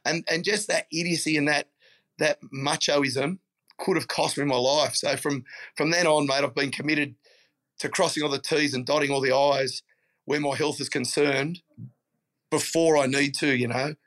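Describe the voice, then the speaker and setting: A man's voice: fairly high pitch, steady tone, normal speed, a bit bright. Upbeat Australian man telling stories. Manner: blokey storytelling, calls people mate. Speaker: guest. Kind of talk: casual chat.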